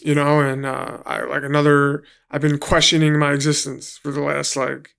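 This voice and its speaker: Completely flat in delivery, his slightly high voice is creaky yet fairly bright, clear, and resonant, moving at normal speed. He's a professional fighter from New York City, a guest casually telling his story, swearing freely and acting out quotes.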